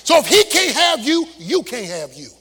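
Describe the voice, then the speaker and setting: A middle-aged male pastor preaching a sermon with an impassioned, shouting, half-sung cadence. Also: very high voice, sing-song, normal speed, husky. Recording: long hall reverb, faint music.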